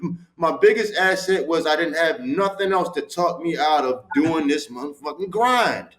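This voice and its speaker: A man, telling his story as a podcast guest in an animated, emphatic, street-talking way. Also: on the high side, normal speed, echoey room. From Baltimore, USA. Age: 40s. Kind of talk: candid storytelling interview.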